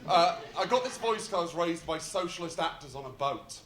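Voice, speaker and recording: A young man from North Yorkshire with a posh, loud voice, doing a rambling, self-mocking stand-up set in a comedy club. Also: a little high, animated, brisk. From North Yorkshire, England. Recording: roomy live club sound with crowd.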